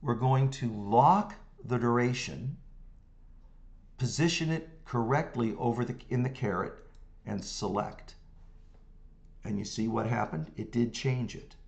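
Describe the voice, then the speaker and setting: Man guiding a software tutorial. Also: mid-range voice, a little slow, gravelly, long pauses. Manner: talks through clicks step by step, hums rhythms as syllables; checks in with the viewer often. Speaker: music notation software teacher. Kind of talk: screen-recorded software tutorial.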